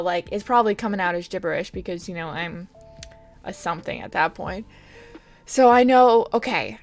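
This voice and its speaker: A woman vlogger tells a rambling story-time tale in a loose, chatty way. She swears freely and drops to a whisper when quoting herself. Soft music plays faintly underneath. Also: mid-range voice. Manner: chatty, swearing, laughing storyteller who whispers quoted asides.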